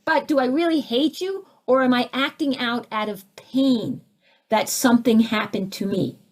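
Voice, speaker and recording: At a moderate pace, a woman leads a live spiritual teaching session, fielding audience questions and making conversational asides. She acts out the voices of the people she describes, jumping widely in pitch.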